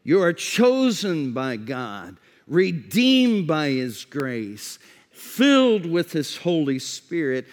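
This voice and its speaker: A male pastor delivers a sermon in a high voice and at an unhurried pace. He repeats his key phrases and drops to a quieter tone to drive a point home. A long reverb trails each line, as if from a large hall. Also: very animated.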